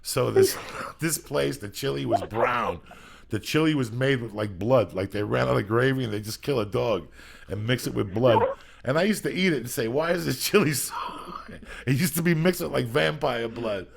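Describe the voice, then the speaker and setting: A man from New with a thick, gravelly voice full of fry, hosting a loose podcast chat. He rambles through profane stories. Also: mid-range voice, moderate pace. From New Jersey. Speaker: podcast host.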